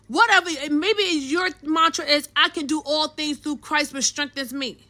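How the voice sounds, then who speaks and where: Middle-aged woman co-host, high bright voice, emphatic and preachy in casual faith talk. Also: moderate pace, poor audio. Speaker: podcast co-host.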